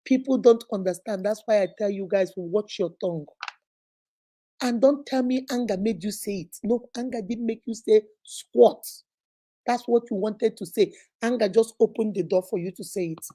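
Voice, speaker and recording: A woman's voice: medium pitch, moderate pace, warm tone. A middle-aged woman hosting a live relationship advice talk, emphatic and preachy, acting out little scenes as she speaks to viewers.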